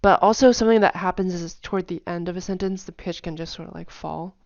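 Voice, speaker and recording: A woman's voice: fairly low pitch, fast talker, a little mellow, dry recording. A woman giving a casual spoken lesson, chatty with many fillers, repeating example phrases over and over. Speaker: language teacher. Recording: dull, dry home recording.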